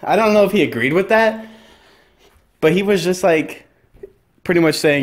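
A young man with a fairly high voice talks breathlessly, rambling and cursing between nervous laughs. He paces around the house with his phone on speaker while he chats to his viewers. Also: expressive, moderate pace, long pauses. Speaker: prank caller and video host. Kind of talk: casual phone prank chat. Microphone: phone on speaker held while walking.

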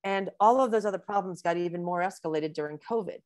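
A woman in her sixties, a physician being interviewed in a webinar, explaining at length in a warm, rambling way with many fillers. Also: fairly low pitch, fast, no room sound. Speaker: breast cancer physician, guest.

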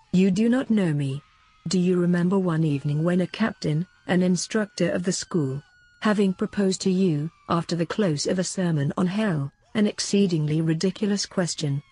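Earnest old soldier, husky and mellow, read by a woman. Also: lowish voice, no echo. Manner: earnest, emotional telling. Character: grateful old male soldier, former captain.

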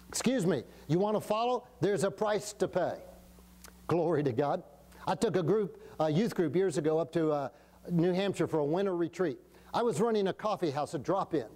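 An older man preaching a sermon as pastor, telling stories in a folksy, animated way, acting out the quotes and chuckling often. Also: high voice. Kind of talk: sermon storytelling. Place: church sanctuary.

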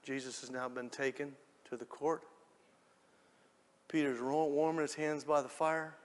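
Man preaching, high bright voice, gravelly, dramatic storyteller, echoing hall. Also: steady tone, a little slow. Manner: dramatic storyteller, swings from hushed to shouting. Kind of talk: sermon.

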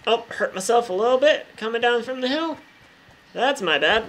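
A woman's voice: a little high, very animated, normal speed, slight background noise. A woman talking casually over her own gameplay as a vlogger, full of "like" fillers and freely swearing. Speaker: gaming vlogger.

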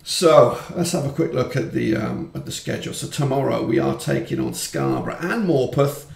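Gravelly, excitable man commentating. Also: medium pitch, moderate pace, reverberant. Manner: excitable, swears when frustrated. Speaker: gaming YouTuber. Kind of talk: let's-play commentary.

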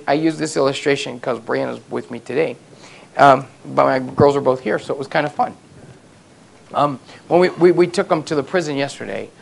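A middle-aged man preaching a sermon as pastor, telling family stories with self-deprecating humor and building to loud, emphatic peaks. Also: mid-range voice, vocal fry, a little hiss or hum. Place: church sanctuary.

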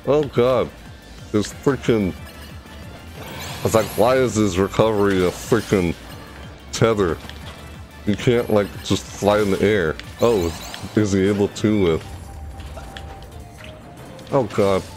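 A young man commentating his own gameplay, chatty and excitable, yelping and shrieking high when things go wrong. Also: slow, pauses often. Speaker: gaming YouTuber. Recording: game music playing behind.

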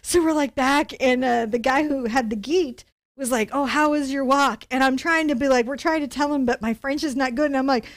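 A middle-aged woman leads a live-streamed painting lesson. She tells stories in a chatty, animated way and laughs often. Her voice sits fairly high. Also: fairly quick, few pauses. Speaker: painting instructor.

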